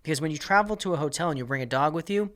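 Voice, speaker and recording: A man's voice: a little high, very fast, a bit bright. A man hosting his own comedy podcast, delivering an exasperated, profane rant as a monologue.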